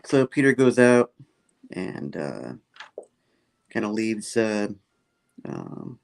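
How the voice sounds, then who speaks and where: A man with a gravelly, fairly low voice talks through a comic recap in a loose, rambling way. He leans on fillers and keeps slipping into quick "he's like" quotes of the characters. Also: big pitch swings. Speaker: comic book reviewer.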